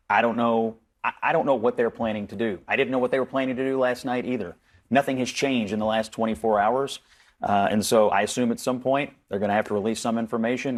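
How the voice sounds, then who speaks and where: A man speaking as a political commentator in a cable news panel debate, hedging with many fillers. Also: fairly low pitch.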